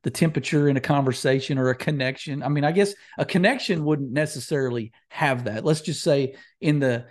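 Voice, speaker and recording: A man's voice: mid-range voice, a little fast, hardly any pauses. A man hosting a podcast, asking long, rambling questions and correcting himself as he goes, with a joking touch. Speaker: host. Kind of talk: conversational podcast talk.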